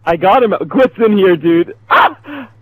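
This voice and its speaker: A young man playing an online shooter with friends, yelling, laughing and trash-talking. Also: high voice, very animated, moderate pace, no echo, phone-quality sound. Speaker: gamer. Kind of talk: live gameplay commentary with friends.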